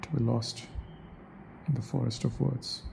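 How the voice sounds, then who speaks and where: Gravelly man musing aloud to himself. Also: medium pitch, level tone, a little slow, noisy background. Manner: self-questioning, wandering, corrects his own words. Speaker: vlogger. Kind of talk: rambling solo monologue.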